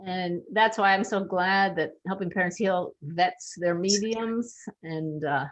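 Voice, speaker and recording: A woman working as a psychic medium, telling a story in an animated, lively way to a group of listeners. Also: a little slow. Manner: animated, lively storyteller with big pitch jumps. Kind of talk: storytelling talk.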